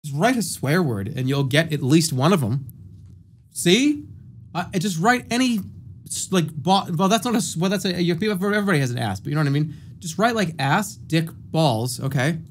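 A man streaming a live party game, reacting with loud mock outrage and low mutters and swearing often. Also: lively intonation, normal speed, slight background noise.

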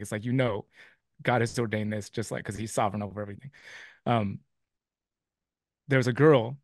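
A man's voice: medium pitch, dry recording, clean studio sound. A man telling a personal faith testimony as a guest, rambling along with restarts and acting out what people said. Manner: rambling, with many restarts and quoted dialogue.

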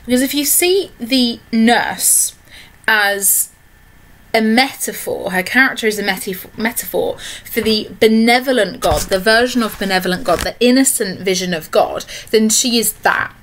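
Female teacher, video lesson narration, steady explanatory delivery, often checks in with "okay". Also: a little high, normal speed. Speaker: English literature teacher. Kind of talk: recorded online lesson.

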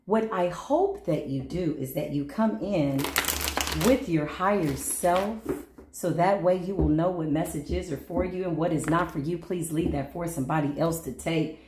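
A woman's voice: lowish voice, normal speed, echoey room, noisy background. A woman giving a channeled tarot reading to her viewers, with a playful, teasing manner and sing-song greetings. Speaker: tarot reader.

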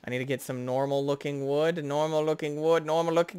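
A young man giving excitable, jokey gameplay commentary as host, chatting to the creatures on screen. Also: on the high side, fast talker, clean tone, no room sound. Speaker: gaming video host.

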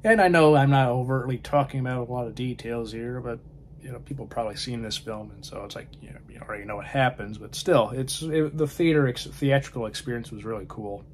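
A man's voice: mid-range voice, fairly quick, slight background noise. A man chatting casually about films, rambling and often trailing off to a murmur. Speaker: film vlogger. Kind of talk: casual film chat.

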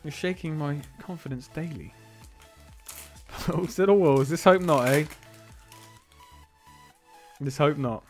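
A man chatting casually on a live stream as he opens card packs, excitable and quick to laugh, sometimes trailing off into quiet asides. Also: on the high side, faint music behind. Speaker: streamer opening trading card boxes.

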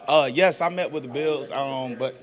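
A man's voice: medium pitch, normal speed. A young man, a football player answering press questions in an earnest, casual, slangy way. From South Georgia, US. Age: 20s.

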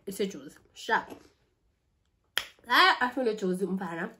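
A woman's voice: a little high, animated, normal speed, long pauses, a bit bright. A young woman in her twenties with a South African accent, chatting casually while eating as she tells a story, mixing languages mid-sentence, with a flu and a cough. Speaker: vlogger. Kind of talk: storytime chat over a meal.

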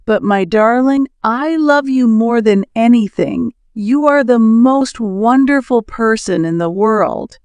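A woman reading the lines of a poor, loving husband in a storybook tale, gentle in her own plain voice. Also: a little high, animated, slow pace, few pauses, clear, resonant tone, no echo. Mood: tender.

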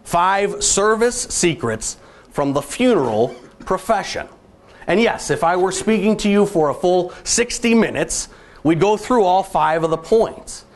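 A man's voice: high-pitched, measured pace. A middle-aged man giving a motivational keynote speech, telling stories and landing jokes with comic timing. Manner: animated, comic storytelling with punchlines. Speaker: keynote speaker.

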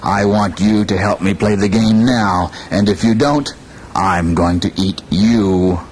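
A man voicing a huge, ferocious male jaguar in a storybook tale, speaking gruffly, slowly and demandingly. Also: lowish voice, a little hiss or hum, lightly acted, poor audio.

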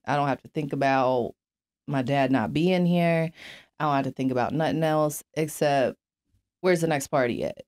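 A woman's voice: deep voice, moderate pace, darkish tone. A young woman as an interview guest, telling her life story candidly and bluntly, with frequent swearing and fillers. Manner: blunt, profane, many fillers.

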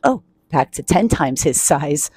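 A woman reading a children's picture book aloud in a quiet, playful voice, joking and giggling in a public laundromat. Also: deep voice, very animated, unhurried, husky, no echo.

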